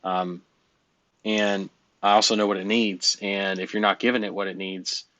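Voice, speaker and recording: A man's voice: on the low side, flat delivery, moderate pace, bright, forceful tone, no room sound. A man coaching in a casual, rambling way, blunt and full of fillers and cursing. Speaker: business coach.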